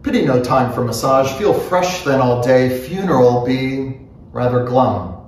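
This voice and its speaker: A man reading literary prose aloud at a slow, lingering pace, his pitch rising and falling with lively expression. He sounds unhurried and musing. The recording is very echoey, with a faint hiss underneath. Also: recorded from a distance. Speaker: reader. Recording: very echoey room, faint noise.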